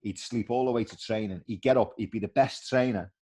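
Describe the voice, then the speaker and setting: A middle-aged man, a former footballer telling animated stories in a casual interview and acting out the voices of others. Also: lowish voice, a little fast.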